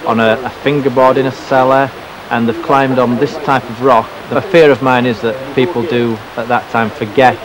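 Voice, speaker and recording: A man's voice: medium pitch, little pitch movement, moderate pace, a crowd in the background, poor audio. A man, a climber, speaking thoughtfully and earnestly in an interview outdoors at a cliff.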